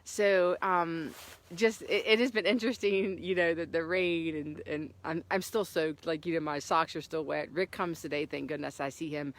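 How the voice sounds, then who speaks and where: A middle-aged woman hiker chatting to her camera outdoors on a trail, telling a story with lots of fillers and animated swings. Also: low-pitched, moderate pace. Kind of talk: casual vlog chat. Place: outdoors on a hiking trail in the morning.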